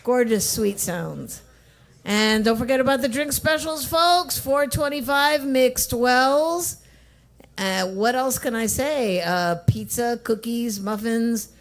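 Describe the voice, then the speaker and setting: A woman's voice: on the high side, animated, slow pace. A woman co-hosting a coffee shop open mic, chatting casually and cheering on performers. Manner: enthusiastic, cheering.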